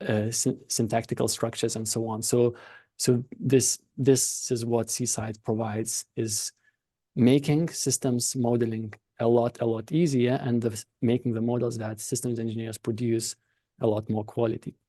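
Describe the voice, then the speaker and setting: A man with a Lithuanian accent speaks as a podcast guest, explaining in a calm, considered way and sometimes circling back to rephrase. His voice is warm and mellow. The sound is close and dry, with no room around it. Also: mid-range voice, normal speed, no echo. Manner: thoughtful, explanatory, with frequent restarts. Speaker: podcast guest, company founder. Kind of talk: conversational interview explanation.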